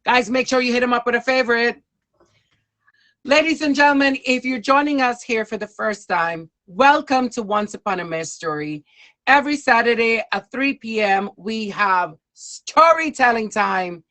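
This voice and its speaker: Woman host, storytelling show; bright, forceful, announcer-like delivery. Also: fairly high pitch, normal speed. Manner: announcer-like, welcoming. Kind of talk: show hosting.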